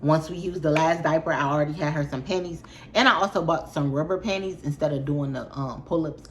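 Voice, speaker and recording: A young woman with a low-pitched voice talks to her viewers in a loose, slangy storytime vlog. She rambles and vents in a lively, expressive way. A faint hiss sits under the recording. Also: brisk. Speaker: vlogger. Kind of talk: casual storytime chat to camera.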